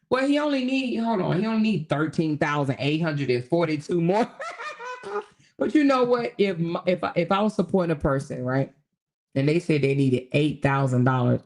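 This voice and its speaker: A woman hosting a casual livestream, laughing often and mocking as she talks straight to her viewers. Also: low-pitched. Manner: does sums and reads aloud while talking. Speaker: livestream host.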